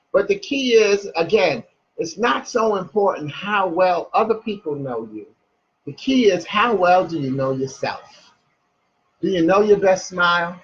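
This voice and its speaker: A man's voice: high voice, breathy edge, muffled recording. A man giving a casual motivational talk to viewers, reading his own poem, with playful asides and repeated phrases. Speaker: motivational speaker and poet.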